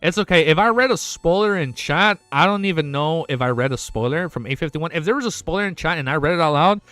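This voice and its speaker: A young man streaming live and chatting casually with his viewers. He rambles excitedly, swears, laughs often and says he is overwhelmed and lightheaded. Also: a little high, quick pace, clean tone, dry recording. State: overexcited and lightheaded. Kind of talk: excited casual livestream chat.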